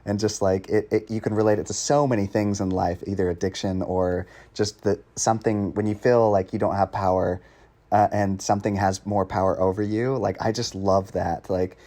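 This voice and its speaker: A man chatting on a casual podcast, thinking aloud in a rambling, reflective way. His voice sits on the low side. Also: level tone, moderate pace, warm tone.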